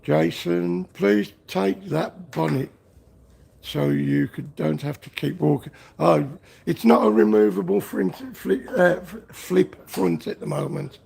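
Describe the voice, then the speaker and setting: A man's voice: high voice, slow pace, creaky, a little mellow, breathy edge. A man from Liverpool hosting a livestream from a garage workshop, joking with the chat and breaking into bits of songs. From Liverpool, England. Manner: jokey, breaks into snatches of song. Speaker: livestream host reading chat.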